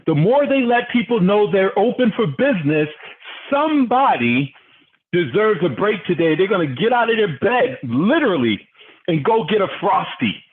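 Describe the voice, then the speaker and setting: A high-voiced man leads a business training over a conference call and gets fired up as he goes. His delivery is preachy and energetic, and he keeps asking his listeners questions. The audio is thin and tinny, like a phone line. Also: slight background noise.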